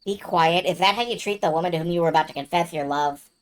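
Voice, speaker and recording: A woman's voice: lowish voice, fast, close to an everyday voice. A woman voicing a feisty young woman who teases and bickers, in a game reading. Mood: teasing. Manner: teasing and sharp-tongued.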